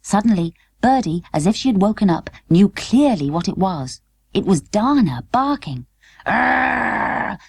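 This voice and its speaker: A woman narrating an unabridged children's book in clear, measured storytelling. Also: mid-range voice, very animated, mellow, no echo. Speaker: audiobook narrator. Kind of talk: scripted narration.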